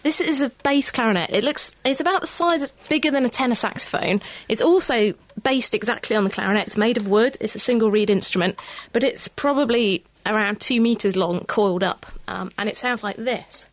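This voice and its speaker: A woman co-presenting a science radio show in a studio, explaining things clearly. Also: fairly high pitch, brisk, few pauses. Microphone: studio mic.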